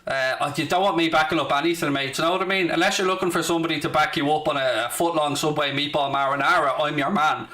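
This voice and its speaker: A man's voice: fairly high pitch, steady tone, fast talker, few pauses, bright, forceful tone. A man from South Dublin with a Dublin Irish accent, chatting casually and sarcastically as a football watchalong streamer, swearing freely in brash banter. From Ireland (South Dublin). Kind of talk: casual live-stream chat.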